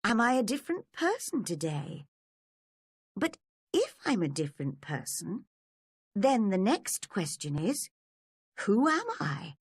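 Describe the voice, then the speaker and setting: A woman's voice: mid-range voice, sing-song, a little slow, long pauses, breathy edge, dry recording, studio quality. A woman reading a storybook, voicing a curious young girl who is easily upset, in a wondering, fretful way.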